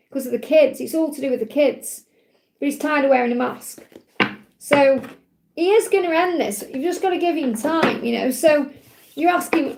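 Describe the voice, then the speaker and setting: High-voiced woman reading cards. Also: a little mellow. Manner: reassuring, speaks for a man's feelings with frequent "okay?". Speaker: psychic card reader. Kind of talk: live-stream tarot reading.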